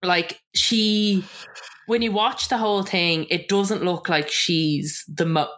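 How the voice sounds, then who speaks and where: Animated woman recapping a show. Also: fairly low pitch, slow. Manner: animated, acts out quotes with laughter. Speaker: podcast co-host. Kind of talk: casual recap chat.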